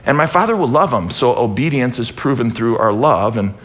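A man preaching a sermon in a church, animated, reading scripture aloud and asking the congregation questions, shifting between loud exclamations and quiet asides. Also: mid-range voice, a little fast. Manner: reads scripture aloud and asks the audience questions. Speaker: pastor.

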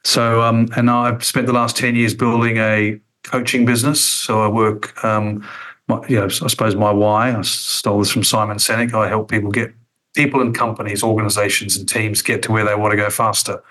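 Reflective man, low voice. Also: little pitch movement, fairly quick, pushed and bright, poor audio. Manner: reflective, frequent ums and restarts. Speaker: interview guest, former radio executive. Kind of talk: conversational interview.

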